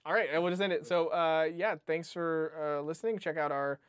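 A man's voice: a little high, fairly even intonation, fairly quick, fairly bright tone, smooth, no echo. A man co-hosting a podcast in casual chat, rambling and joking, laughing often. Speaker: podcast co-host.

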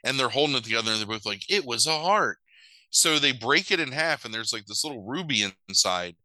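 A man's voice: medium pitch, expressive, fast, sharp tone, no echo, low-quality recording. A man casually retelling a movie plot, swearing and acting out the characters' lines in mock voices. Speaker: podcast host recapping a movie. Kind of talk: casual chat.

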